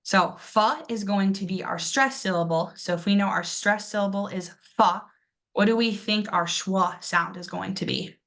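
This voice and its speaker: A woman's voice: medium pitch, normal speed, fairly bright tone. A young woman teaching a classroom pronunciation lesson, encouraging her students and exaggerating syllables to demonstrate them.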